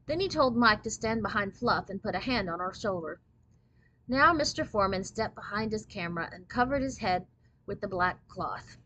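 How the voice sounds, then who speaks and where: A woman reading a children's book aloud in clear, steady storybook narration. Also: medium pitch, normal speed, poor audio.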